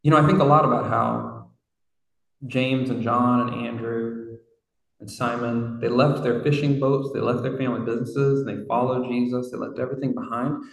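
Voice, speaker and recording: Heard from far off in a roomy hall, a man preaches a reflective, conversational sermon sprinkled with casual asides. His medium-pitched voice is steady in tone, at normal speed, with some vocal fry.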